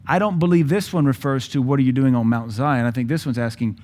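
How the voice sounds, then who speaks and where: A man's voice: medium pitch, darkish tone. Impassioned man preaching a sermon. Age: 40s. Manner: impassioned, dramatic pauses, mimics Bible voices.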